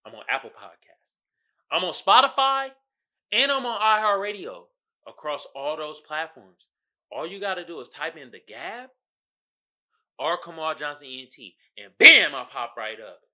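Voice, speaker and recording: Male solo podcast host, very bright, sharp voice, swings wide in pitch; casual slang, laughs, loud bursts. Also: moderate pace. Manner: animated, laughing, breaks into loud outbursts; slangy, addresses listeners directly.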